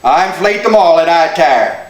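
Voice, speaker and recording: A man's voice: fairly high pitch, expressive, normal speed, echoey room, slight background noise, low-quality recording. A man giving a goofy, comedic how-to on checking tire pressure, talking in folksy country slang and breaking into hammy whoops and yelps. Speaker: comic tire-check demonstrator.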